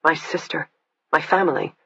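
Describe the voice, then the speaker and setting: A man reading the part of a composed woman who cannot feel pain, speaking in a measured, clinical way with a husky voice. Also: a little high, steady tone, bright, forceful tone, no echo, exaggerated voice. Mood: resolved. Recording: dull lo-fi, dry.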